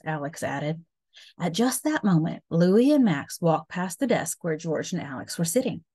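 A woman teacher reading a chapter book aloud to children, pausing to explain reading habits patiently. Her voice sits low, and the sound is dry and close. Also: darkish tone, breathy edge, no room sound.

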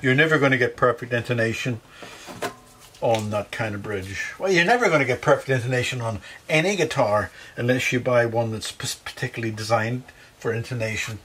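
A man's voice: mid-range voice, a little fast, a bit bright, slight background noise, poor audio. A middle-aged man working as a luthier, chatting through each step of a guitar setup in his workshop. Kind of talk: workshop demonstration to camera.

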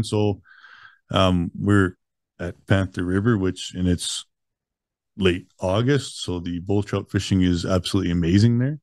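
A man in his thirties, a guest telling a story in a relaxed way, often chuckling. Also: deep voice, unhurried, no echo, studio quality. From Calgary, Canada. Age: 30s. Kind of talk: casual storytelling interview.

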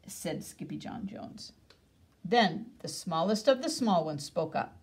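A woman reading a picture book aloud for kids, expressive and sprinkled with playful Spanish words. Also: on the low side, slow. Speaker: reader.

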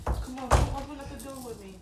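A woman's voice: sits high, fast, heavy background noise. A woman hosting a casual family vlog, playful and often laughing. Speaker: vlog host and mother.

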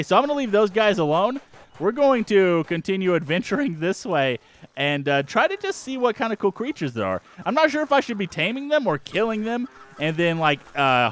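A man hosting a let's-play, giving excitable, jumpy commentary and yelping at surprises. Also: high-pitched, fairly quick. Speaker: gaming channel host.

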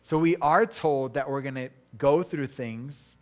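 A man's voice: medium pitch, measured pace. Chatty middle-aged man preaching. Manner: chatty, self-deprecating, many restarts and laughs. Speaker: pastor. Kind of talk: casual conversational sermon.

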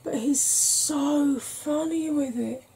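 A Welsh woman chatting frankly in a soft-spoken ASMR vlog, rambling with fillers. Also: high-pitched, slow pace. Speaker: ASMR vlogger.

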